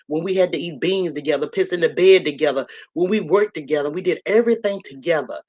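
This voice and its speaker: A woman's voice: on the low side, darkish tone. Woman, livestream host, blunt, earthy, storytelling, casual talk from a home room. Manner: blunt, earthy, storytelling with lots of "you know" and "y'all". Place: her own room at home.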